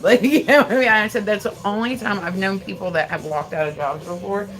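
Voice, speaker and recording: A woman's voice: mid-range voice, fairly quick, a bit bright, soft background music, poor audio. A middle-aged woman chatting casually on a livestream, rambling and swearing as she answers viewer comments. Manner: rambling, profane storytelling. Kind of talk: casual live-stream chat.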